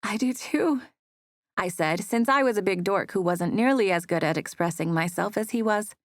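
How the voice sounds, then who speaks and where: A woman narrating a first-person romance audiobook in a soft, intimate storytelling manner on a close studio mic. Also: lowish voice, brisk, no room sound.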